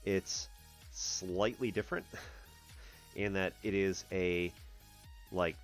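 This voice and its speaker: Deep voiced guy rambling slow on his stream, laughs a lot, faint music behind. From US Northeast. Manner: rambling, laughs often, clears throat. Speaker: math stream host. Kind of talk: casual livestream chat.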